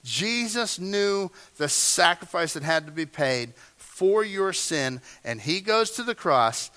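Pastor, male, bright and fairly high voice, emphatic sermon delivery. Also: expressive, normal speed, few pauses. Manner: emphatic preaching, swinging from hushed to loud.

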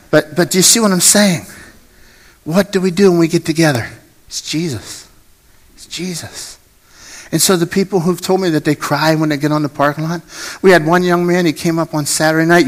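A man preaching a sermon as pastor, earnest, repeating his phrases and asking the congregation to say lines with him. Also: on the high side. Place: church sanctuary. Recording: long hall reverb with faint music.

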